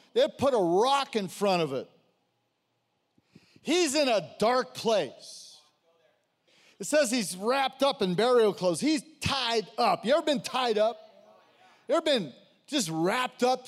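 A high-voiced male pastor preaching a sermon in a loose, conversational way, calling out to the congregation and asking them questions. His voice rings through a church sanctuary with a long hall reverb.

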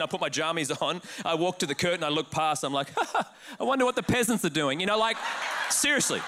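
A man with an Australian accent preaches in a high, bright voice. He tells a comic, self-mocking story with lots of energy and quick asides. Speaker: pastor.

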